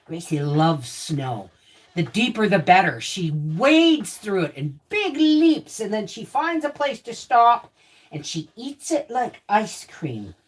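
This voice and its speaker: Woman, homestead livestream host, casual and chatty, pitch swings up and down a lot. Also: big pitch swings, takes it slowly, husky. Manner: chatty, reads out viewer names, talks to her dog. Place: at home.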